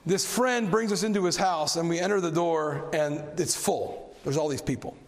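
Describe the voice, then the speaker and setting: A man preaching a sermon, telling a story with animated energy and a voice that climbs when he gets excited. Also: fairly high pitch, moderate pace. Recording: long hall reverb.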